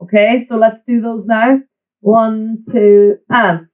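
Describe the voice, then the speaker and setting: A woman teaching a flute lesson, giving tips and counting the student in with steady encouragement. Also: on the high side, slow, low-quality recording. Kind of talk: online music lesson.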